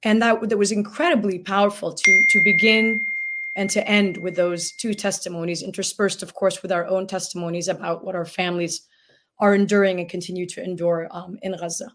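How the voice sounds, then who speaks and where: A woman guest speaking earnestly in a roundtable discussion, halting at times and emotionally moved. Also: on the low side, flat delivery, fairly bright tone. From Palestinian family. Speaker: guest author and plaintiff.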